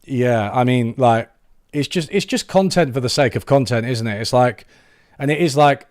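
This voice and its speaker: A man's voice: lowish voice, normal speed, no echo, clean studio sound. A young man hosting a casual live stream, sarcastic and laughing, full of restarts and trailing asides. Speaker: YouTube channel host.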